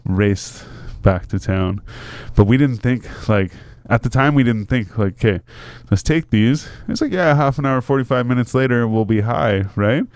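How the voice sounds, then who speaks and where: A man hosting a podcast, telling a wild story in a casual, animated way with lots of swearing and laughter. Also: medium pitch, normal speed, hardly any pauses, no room sound. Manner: animated, laughing, swears a lot, acts out voices. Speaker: podcast host.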